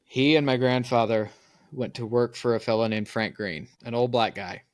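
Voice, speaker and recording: A man's voice: medium pitch, moderate pace, dry recording. Opinionated man telling stories, dry mic. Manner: opinionated storyteller, laughs at his own stories. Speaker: podcast co-host. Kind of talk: casual podcast chat.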